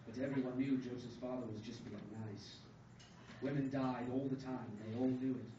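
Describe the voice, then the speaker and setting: Deadpan young man reading in a café. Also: mid-range voice, brisk. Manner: deadpan, dryly absurd delivery. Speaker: student reader. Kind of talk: reading his own comic short story at an open mic. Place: coffee house. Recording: echoey room from far off, dull and noisy. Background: café room ambience.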